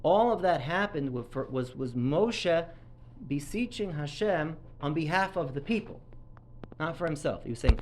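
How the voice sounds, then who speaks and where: A man's voice: a little high, animated, normal speed, a little mellow, slight background noise. A man giving a sermon-style Torah talk at a synagogue event, telling the story emphatically and acting out the quotes with rising intensity.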